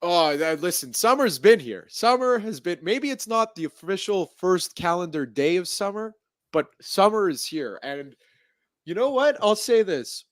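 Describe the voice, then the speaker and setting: A man hosting a sports podcast in a chatty, animated way with quick asides. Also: high voice, no echo, studio quality. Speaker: podcast host. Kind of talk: casual sports podcast chat and sponsor reads.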